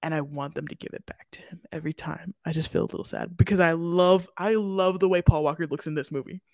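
A woman's voice: deep voice, steady tone, fast, darkish tone, no echo, studio quality. A woman co-hosting a podcast in casual chat, giggly and laughing often. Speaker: podcast co-host.

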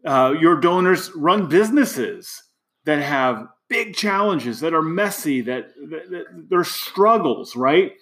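A man's voice: expressive, a bit bright. A man coaching nonprofit leaders in a casual, conversational talk, often checking in with "right?" and "all right.". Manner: slow, emphatic, pitch rising on key phrases.

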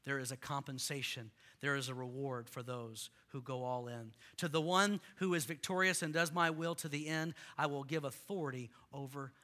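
A male pastor preaching a sermon to a congregation, impassioned, swinging from loud rallying lines to quiet earnest ones. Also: medium pitch, steady tone, moderate pace, few pauses.

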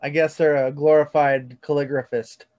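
A man's voice: a little high, flat delivery, moderate pace, a little mellow. A man hosting a casual podcast chat, rambling loosely with many fillers. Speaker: podcast host. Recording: dull lo-fi sound.

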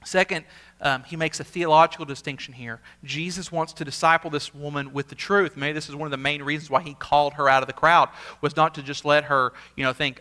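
A male pastor delivers a sermon in a fairly high, bright, forceful voice. He preaches earnestly, repeating key words and swinging between loud emphatic peaks and hushed asides. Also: fairly even intonation, normal speed. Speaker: senior pastor.

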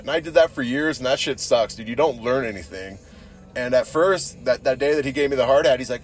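A young man rambles through a crude story in a mid-pitched voice, cursing freely and tossing in "dude" at every turn. His talk is loose, with plenty of asides. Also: fairly quick, faint music behind. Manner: rambling, crude, swears a lot, says dude constantly. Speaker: podcast host. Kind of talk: casual profane storytelling.

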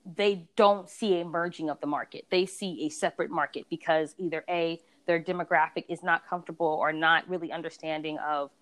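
A woman's voice: low-pitched, steady tone, brisk, hardly any pauses, fairly bright tone. A woman in a casual conversation about beauty brands, a reviewer and blogger who tells her stories with animation and acts out other people's voices.

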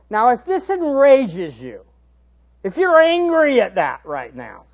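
Slow talking american pastor guy preaching, drops quiet then gets loud and asks the room questions. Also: high voice, huge pitch swings, muffled recording. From United States. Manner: dynamic preaching, swinging from hushed asides to raised emphatic questions; rhetorical tag questions to the congregation. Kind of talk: sermon.

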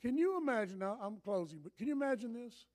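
A man preaching a sermon in an animated, impassioned way, often breaking into shouts. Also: extremely high pitch, quick pace.

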